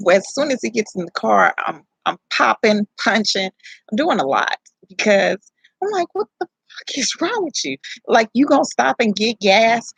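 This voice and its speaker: A young woman from casually telling her birth story, animated and profane, rambling with self-corrections. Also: medium pitch, gravelly, slightly rough, dry recording, rough recording.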